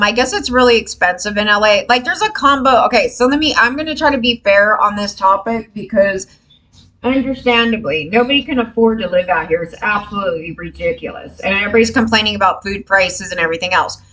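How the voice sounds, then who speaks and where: Fast-ranting bright-voiced woman vlogger. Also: mid-range voice, low-quality recording. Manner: frustrated, animated, swears freely, quotes others in raised voice. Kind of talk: casual ranting to camera.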